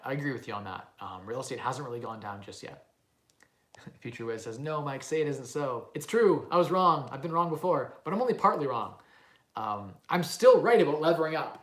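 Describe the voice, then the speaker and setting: A man's voice: fairly high pitch, roomy sound. A man, rambling animatedly through a casual live-stream Q&A as a real estate investing host. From Canada. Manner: rambling, animated, lots of "like" and "right?".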